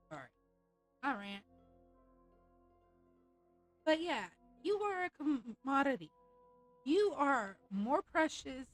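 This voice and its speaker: A woman's voice: a little high, no room sound, rough recording. A woman streamer ranting in a casual, blunt and profane way over a live game stream.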